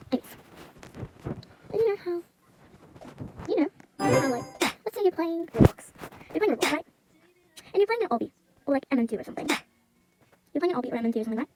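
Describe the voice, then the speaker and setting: A woman's voice: high voice, animated, fast talker, long pauses, low-quality recording. A woman rambling through a casual story time, her voice sped up, with lots of "like" and "you know.". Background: loud music.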